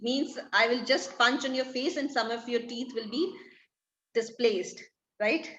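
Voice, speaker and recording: High, bright-voiced woman teacher. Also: a little slow, muffled recording. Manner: paraphrases each line, asks questions and answers them, frequent "right?". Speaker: English literature teacher. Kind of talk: explaining a play line by line. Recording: echoey room.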